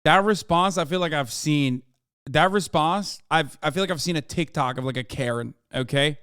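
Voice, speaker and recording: A man's voice: a little high, a bit bright, clear, resonant tone, dry recording, studio quality. A man in his thirties giving rambling, profane reaction commentary as a streamer. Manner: rambling, profane, quick asides.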